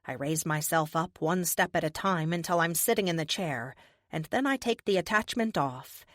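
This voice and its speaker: Expressive woman audiobook narrator, lowish voice, close and dry studio mic. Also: normal speed, no room sound. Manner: expressive, conversational first-person reading. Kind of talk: first-person audiobook narration.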